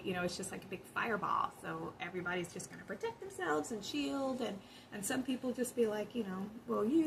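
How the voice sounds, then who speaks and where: A woman hosting a spiritual wellness channel gives casual advice in a lowish, gravelly voice over a noisy background. She comes across as earnest and chatty, with many fillers in her spoken monologue.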